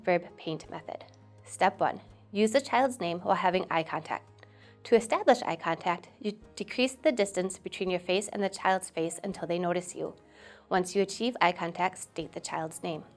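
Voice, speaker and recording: A woman trainer giving scripted instructional narration in a steady, explanatory way. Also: fairly low pitch.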